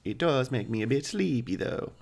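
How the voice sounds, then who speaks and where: A man's voice: medium pitch, lively intonation, moderate pace, creaky, a little mellow. A man voicing a smug, casually menacing male vampire lord while reading game dialogue aloud.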